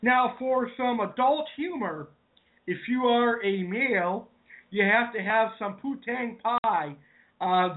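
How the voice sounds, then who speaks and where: A man's voice: extremely high pitch, slow. A man from Massachusetts, hosting a casual online cooking show and chatting to viewers as "folks". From Massachusetts, New England. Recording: tinny phone-like audio.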